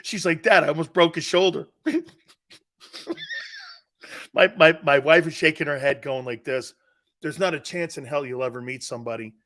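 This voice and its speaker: A middle-aged man hosting a sports talk show, telling a family story with loud laughs and acted-out quotes. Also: mid-range voice, moderate pace, long pauses. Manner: excitable, laughs loudly, acts out quotes.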